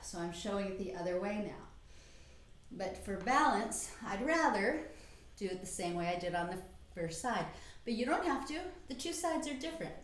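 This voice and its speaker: A middle-aged woman guiding a yoga class with calm, encouraging cues, a little out of breath at times. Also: a little high. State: slightly out of breath. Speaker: yoga instructor. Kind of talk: guided yoga class instruction. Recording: very echoey room.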